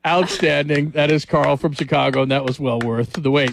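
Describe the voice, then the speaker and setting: A man hosting a sports talk radio show, energetic and rambling. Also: on the high side, a little fast, creaky, a crowd in the background.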